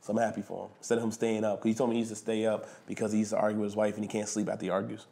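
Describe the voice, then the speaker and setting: Man, casual interview guest, slangy, swears freely, animated storyteller. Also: fairly low pitch, rapid-fire, creaky. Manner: animated storyteller who acts out quotes loudly. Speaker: wrestler and guest.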